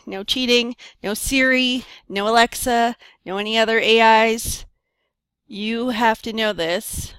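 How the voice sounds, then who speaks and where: A woman's voice: medium pitch, fairly bright tone, no echo. A woman business coach talking on her own show in a playful, rambling, self-deprecating way. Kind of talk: casual solo podcast monologue.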